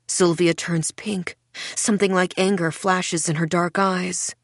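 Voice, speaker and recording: A woman with a lowish voice reads a thriller audiobook in the first person. Her telling is wry, dark and measured, recorded close and dry with no room sound. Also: fairly even intonation, no room sound. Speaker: audiobook narrator. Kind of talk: scripted first-person narration.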